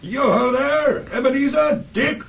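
A man's voice: very high voice, a little slow, voice pushed up. A man voicing a stout, jovial old male merchant with a rich, oily voice, calling out heartily in a storybook reading. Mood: hearty. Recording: dull lo-fi recording, off-mic.

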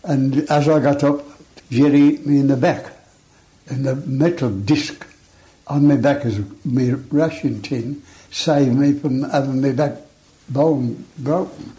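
An older man recalling events in a halting, plain-spoken way in an interview. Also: medium pitch, fairly even intonation, mellow, poor audio. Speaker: war veteran interviewee.

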